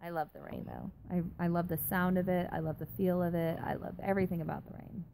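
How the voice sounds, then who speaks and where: A woman's voice: on the low side, fairly even intonation, quick pace, vocal fry, warm tone, a little hiss or hum. A young woman chatting casually on a live stream, reading comments aloud and reacting with giggly, exaggerated disgust. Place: home in a dry desert city.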